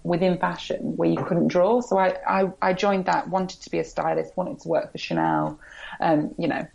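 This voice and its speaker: Gravelly-voiced English woman, candid. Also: on the low side, expressive, moderate pace, a little mellow, dull audio. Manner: candid, frank, self-deprecating. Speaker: podcast guest, blogger. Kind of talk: casual interview chat.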